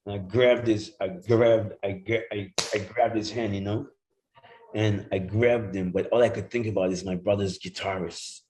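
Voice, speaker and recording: A man's voice: fairly low pitch, fairly even intonation, normal speed, mellow, a little hiss or hum, low-quality recording. A middle-aged man from Jamaica, a former football player, telling casual stories as a guest, acting out other people's lines, swearing freely and laughing often. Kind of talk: casual storytelling.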